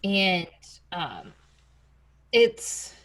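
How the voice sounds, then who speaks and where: A woman's voice: lowish voice, very animated, very slow, a bit bright. A woman co-hosting a podcast, chatting casually and a little hesitantly with filler words. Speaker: podcast co-host. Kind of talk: casual chat.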